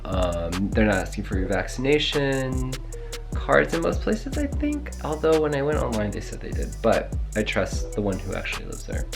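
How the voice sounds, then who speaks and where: A young man in casual vlog chat, rambling and excitable, swearing casually as he talks. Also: medium pitch, moderate pace, gravelly, over music. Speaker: travel vlogger.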